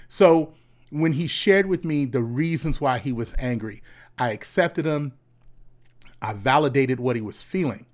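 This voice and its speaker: A man's voice: medium pitch, expressive, unhurried. A man, a therapist, talking casually and directly to his viewers, often repeating words and asking "right?". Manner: conversational, repeats words, frequent tag questions. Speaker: therapist and host. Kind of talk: casual talk to camera.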